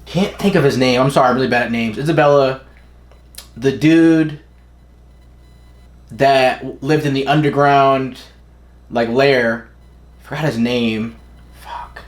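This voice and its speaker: A man's voice: medium pitch, echoey room. A young man casually reacting live to a comic chapter, forgetting names, swearing now and then, reading the panels aloud. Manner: casual, profane, forgetful of names, reads panels in quick put-on voices. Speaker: manga reaction streamer.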